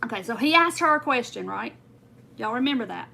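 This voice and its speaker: A woman with a drawl tells a long story on her crafting livestream, rambling and emphatic as she talks straight to her viewers. Her voice sits a touch high and rings bright. She keeps working on her craft as she talks. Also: animated, brisk, gravelly. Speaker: crafting channel host.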